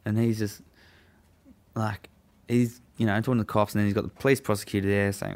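A low-voiced man swears his way through a casual story, laughing often. His delivery gets animated as he recounts what happened. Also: a little fast, pauses often. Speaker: guest telling a prison story. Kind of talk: casual chat.

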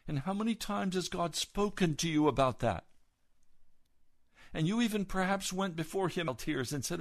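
Gravelly male pastor preaching urgently. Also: sits high, normal speed. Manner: urgent, exhorting, rising to stern emphasis. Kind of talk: fervent sermon.

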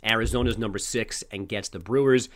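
A man reading a scripted sports news update with a brisk, headline-style delivery. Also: fairly low pitch, steady tone.

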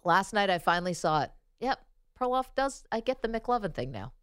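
A woman co-hosting a casual sports talk show, chatty and animated. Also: mid-range voice, smooth, no room sound, studio quality. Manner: chatty and animated, quick to laugh.

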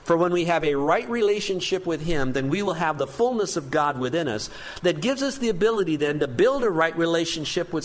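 A man preaching a sermon as pastor, earnest and emphatic, with rising stresses on key points. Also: a little high.

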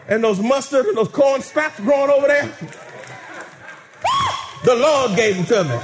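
A man voicing a joyful farmer man, proudly listing his blessings until he bursts into shouting praise. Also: very high-pitched, background noise. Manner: boastful listing, building into shouting.

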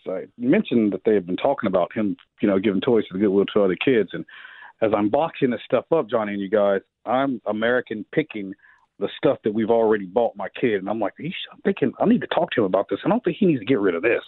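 A man of about fifty telling funny family stories in a casual chat, co-hosting a show and jumping higher whenever he quotes someone. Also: fast, husky, no echo. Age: 50s. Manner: animated storyteller, jumps higher for quoted voices. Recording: tinny phone-like radio sound.

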